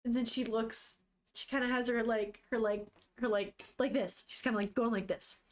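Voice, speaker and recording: A woman casually reading a manga aloud, narrating the panels and breaking in with excited, swearing exclamations of surprise. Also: on the high side, moderate pace. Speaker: manga reader, streamer. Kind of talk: casual read-aloud with reactions.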